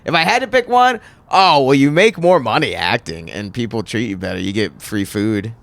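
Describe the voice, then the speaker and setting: A man's voice: mid-range voice, expressive, moderate pace, creaky, a bit bright, dry recording. A man, a comedian and actor, chatting loosely on a podcast, swearing and laughing often. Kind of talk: casual podcast chat.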